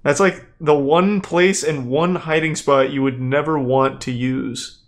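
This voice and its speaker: A man's voice: on the high side, fairly even intonation, measured pace. A man commenting on courtroom videos in a blunt, sarcastic style, swearing often. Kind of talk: profane reaction commentary.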